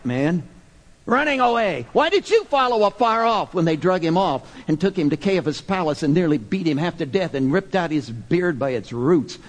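A man preaching a sermon, driving his points home with rhetorical questions and swinging from loud emphatic bursts to quiet, hushed lines. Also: high voice.

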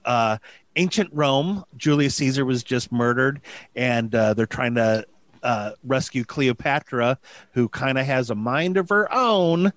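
A man's voice: medium pitch, a bit bright, no room sound. A man hosting a casual podcast, upbeat and self-deprecating. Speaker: podcast host.

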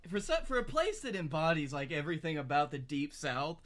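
Lively bright-voiced man riffing on a podcast. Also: fairly high pitch. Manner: playful, quick to riff on jokes. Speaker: podcast co-host. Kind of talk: casual comedic chat.

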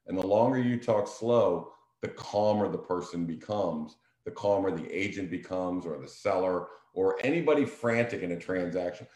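A man's voice: low-pitched, normal speed, darkish tone, roomy sound. A man, hosting a casual real estate talk in an emphatic, coaching way. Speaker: real estate agent, show host. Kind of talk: casual business chat.

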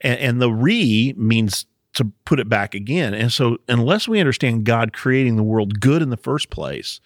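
A man's voice: mid-range voice, expressive, normal speed, no room sound. Man, podcast host, casual Bible teaching, explanatory, chuckles, dry sound. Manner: explanatory, chuckles often, restarts.

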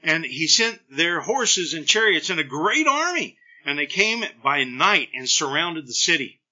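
Middle-aged male preacher, bright and forceful tone, slightly high voice, animated storyteller. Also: a little slow, low-quality recording. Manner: animated storytelling preacher, acts out scripture lines. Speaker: pastor. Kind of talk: sermon.

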